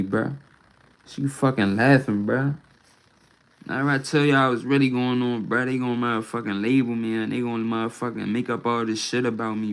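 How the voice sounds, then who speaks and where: A man's voice: mid-range voice, rough recording. Man venting on a phone livestream. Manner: rambling, profane, ends nearly every phrase with "bruh". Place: at home.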